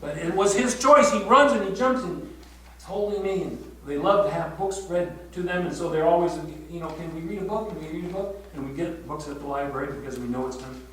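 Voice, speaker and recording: An older man with a high voice preaches at a prayer retreat, telling his story tenderly and often sinking to a hushed near-whisper. He is heard from some distance in a strongly echoing room with a faint hum behind him. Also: a little fast. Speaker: pastor leading a prayer retreat. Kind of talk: sermon.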